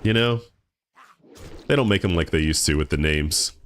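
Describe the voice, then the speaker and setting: Low-voiced laid-back male streamer. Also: animated, normal speed, a bit bright, smooth. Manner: laid-back, rambling, stumbles and repeats words. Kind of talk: casual live-stream chat while gaming.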